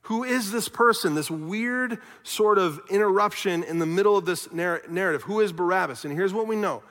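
A man preaching a sermon as pastor, earnest, swinging from loud questions to quiet, soft passages. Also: high-pitched, normal speed, big-room sound. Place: church sanctuary.

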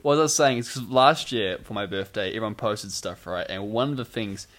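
A man's voice: on the low side, fairly quick, fairly bright tone. A teenage man, drowsy on sleep medication, rambling and laughing at himself in casual chat. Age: teens. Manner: rambling, laughing, self-deprecating. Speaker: podcast co-host.

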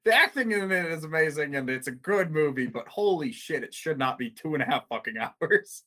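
A man co-hosting a podcast in casual chat, excitable and laughing often, swearing freely. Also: on the high side, brisk. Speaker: podcast co-host.

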